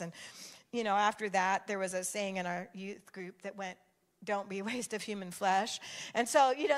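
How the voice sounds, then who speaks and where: A woman's voice: fairly high pitch, fairly bright tone. A middle-aged woman preaching, telling a story with lots of animation and laughter. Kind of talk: sermon storytelling.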